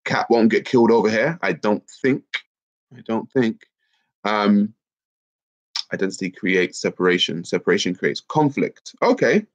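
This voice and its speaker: A man's voice: lowish voice, normal speed. A man, bunged up with a cold, hosting a casual livestream and reading out viewer comments. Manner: reads viewer comments aloud, lively and chatty. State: congested, bunged up. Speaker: livestream host. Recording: dull lo-fi stream audio.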